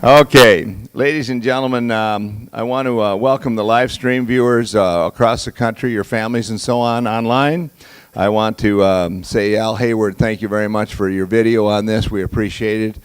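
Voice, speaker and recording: Low-voiced man giving a graduation speech. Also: steady tone, clear, resonant tone. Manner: halting, with many fillers and restarts. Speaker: auction school leader hosting a graduation. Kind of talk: ceremony speech to a graduating class. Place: graduation ceremony before a live audience.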